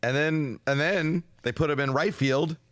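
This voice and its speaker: A man's voice: fairly high pitch, unhurried, dry recording, clean studio sound. A man co-hosting a sports podcast with his brother, laid-back and often giving short agreeing replies. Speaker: podcast co-host. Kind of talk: casual sports chat.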